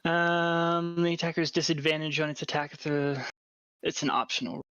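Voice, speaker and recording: A man running a tabletop game as dungeon master, casually reading rules aloud with halting restarts. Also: fairly high pitch, completely flat delivery, a bit bright, clear, resonant tone, no room sound, muffled recording.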